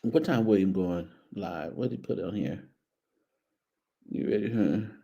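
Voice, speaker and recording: A man's voice: low-pitched, measured pace, creaky, mellow, husky, muffled recording. A male show host giving casual, teasing commentary on outfits, sprinkling in churchy phrases. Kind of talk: casual fashion commentary on a video.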